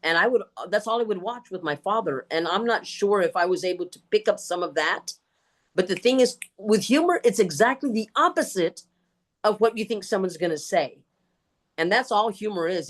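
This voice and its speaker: A woman speaks on a video call, answering audience questions about her speeches. She tells stories with animated, expressive delivery at an everyday middle pitch. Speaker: guest speaker. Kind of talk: Q&A answers in an online meeting.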